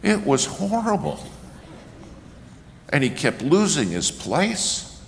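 A man preaching a sermon in a church, telling a story with lively acted-out quotes that build to loud, raised passages. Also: on the high side, slow, gravelly, slight background noise. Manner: animated storyteller acting out quotes, rising to shouts. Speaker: guest preacher. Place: church sanctuary. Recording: reverberant church hall, faint ambience.

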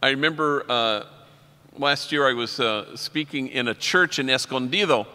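Wry priest in a reverberant hall. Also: male voice, medium pitch, bright, forceful tone. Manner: wry, anecdotal, slows down for punchlines. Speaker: priest giving a keynote talk. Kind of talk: storytelling religious talk. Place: large convention hall. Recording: long reverb of a large hall.

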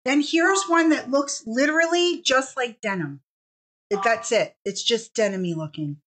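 A woman's voice: a little high, moderate pace, fairly bright tone. Bubbly chatty woman hosting a live sale. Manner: bubbly, chatty, draws out product names. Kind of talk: casual live shopping stream.

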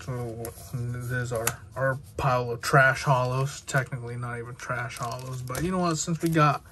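A young man chatting excitedly with lots of filler words while opening trading card packs. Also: medium pitch, moderate pace, slight background noise. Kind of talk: casual unboxing commentary.

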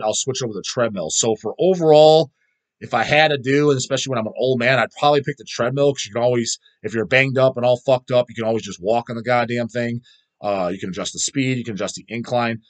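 A middle-aged man chatting casually as a vlog host, rambling and swearing constantly as he answers viewer questions. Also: medium pitch.

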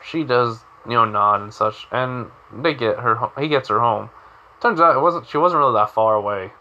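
A man's voice: mid-range voice, normal speed, pushed and bright, lo-fi sound. A young man casually retelling a fan story with lots of fillers, like and you know.

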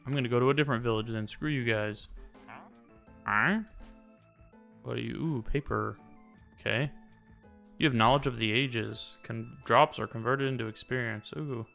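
A young man casually commenting while he plays a game, chatting to the game characters and turning suddenly loud when surprised. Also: medium pitch, moderate pace, creaky, long pauses. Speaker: gaming YouTuber. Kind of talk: casual let's-play commentary. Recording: faint music behind.

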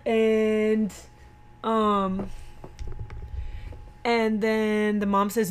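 A woman's voice: medium pitch, fairly even intonation, measured pace. A woman chatting casually about a movie she watched, retelling scenes and quoting the characters' lines. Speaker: movie commentator. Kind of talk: casual movie recap chat.

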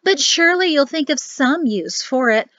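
A woman's voice: high voice, expressive, moderate pace, fairly bright tone, dry recording, voice pushed up. A woman voicing a cheerful, pushy older mother-in-law who talks in a sing-song way. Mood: chirpy. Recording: dry, slightly muffled audio.

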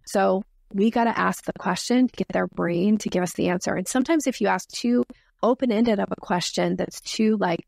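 A woman who is a sales expert, explaining techniques in a podcast interview with energetic role-played dialogue. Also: medium pitch, moderate pace, vocal fry, no echo, studio quality.

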